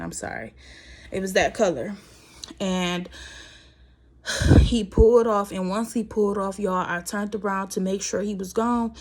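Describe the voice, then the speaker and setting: Young woman, casual storytime vlog, emotional, holding back tears, talks straight to viewers. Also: mid-range voice. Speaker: vlogger telling a personal story.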